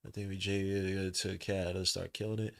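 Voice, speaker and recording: A man hosting a live basketball watch-along stream, talking casually in slang, swinging between loud outbursts and low muttering. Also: level tone, normal speed, gravelly. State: tired, yawning. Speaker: podcast host doing a live watch-along. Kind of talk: casual live game commentary. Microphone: streaming setup mic.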